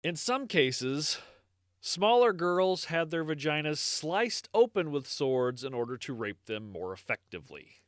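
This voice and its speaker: A man's voice: fairly high pitch, lively intonation, normal speed, few pauses, no room sound. Man, podcast co-host, sombre apologetic delivery, dry close sound. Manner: sombre, apologetic reading of grim history. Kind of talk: casual true-crime podcast chat.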